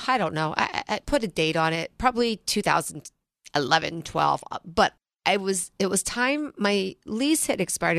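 A woman's voice: medium pitch, fairly bright tone, no echo, clean studio sound. A middle-aged woman, a financial planner hosting a radio talk show, telling stories earnestly and restarting her sentences.

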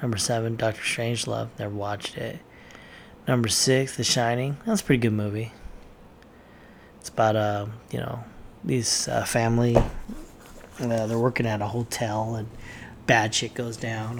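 A man's voice: medium pitch, steady tone, a little slow, vocal fry, pauses often, a little hiss or hum. A man giving blunt, offhand opinions in casual commentary, with plenty of fillers. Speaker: vlogger reacting to movie lists.

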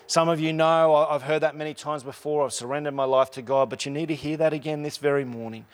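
A man preaching a conversational sermon, telling stories in a relaxed way with frequent restarts, and slowing down to stress key lines. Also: a little high. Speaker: pastor.

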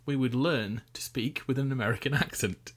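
A man's voice: medium pitch, fairly quick, slightly rough. A man hosting a casual chat about a video game, leading the talk with jokes. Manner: leads the talk, jokey. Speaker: podcast host.

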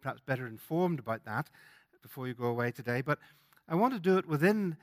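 A man's voice: medium pitch, lively intonation, quick pace. A man with a Northern Irish accent, giving a sermon as a guest preacher in a conversational way, with frequent fillers and restarts. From Northern Ireland.

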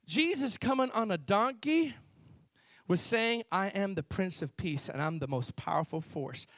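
A male pastor from Miami preaches a sermon in a church in a fairly high voice, a little slow. He tells stories with animated energy, swinging from loud bursts to hushed asides, and the sound is close and dry with no room sound.

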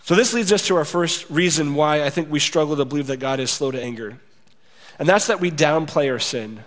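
Brief: male pastor, slightly high voice, casual sermon delivery with a long hall echo. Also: a little fast. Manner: conversational preaching, acts out quoted voices. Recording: long reverb of a large hall.

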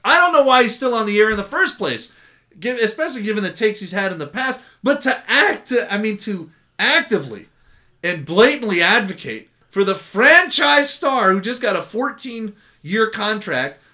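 Man, podcast co-host, high voice, bright tone, blunt, exasperated rant. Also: sing-song, normal speed. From San Diego area. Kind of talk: casual sports chat.

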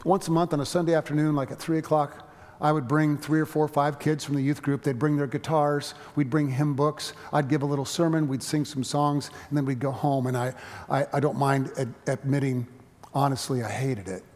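A man's voice: fairly high pitch, fairly even intonation, brisk. Middle-aged male preacher, dynamic sermon delivery, long church-hall reverb. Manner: dynamic preaching, swelling loud then dropping quiet. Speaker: pastor. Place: church sanctuary.

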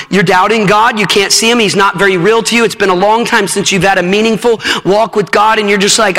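A fervent male preacher with a strikingly high, bright, forceful voice leads a sermon and a demonstration on stage. His words ring out with a long reverb across a large hall. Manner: fervent, directs helpers on stage.

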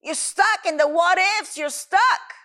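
A woman's voice: very high-pitched, measured pace, sharp tone. A woman preaching a sermon in an earnest, emphatic way.

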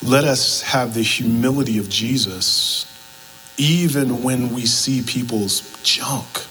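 A man's voice: medium pitch, slow pace, long reverb tail, rough recording. A man preaching a sermon as pastor, telling stories and acting out both sides of conversations. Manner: animated storytelling, acts out both sides of conversations.

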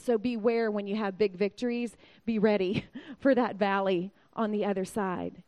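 A woman preaching a sermon, telling stories with animated, acted-out quotes. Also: a little high, rough recording. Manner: animated storyteller, acts out quotes. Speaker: speaker at a church service. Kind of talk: sermon storytelling.

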